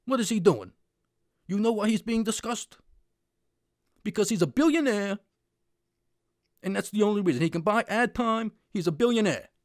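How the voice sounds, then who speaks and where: Man doing a mock impression of an indignant old politician, sputtering, pitched up and swooping. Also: animated, normal speed, pauses often, dry recording, clean studio sound. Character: exasperated older male career senator, indignant.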